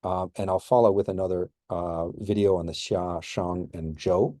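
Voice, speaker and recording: A male history professor talks through a recorded course introduction in a low, mellow voice. He is relaxed and unhurried, full of ums and restarts, and the sound is dry and close to the mic. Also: no echo. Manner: relaxed, many fillers and restarts.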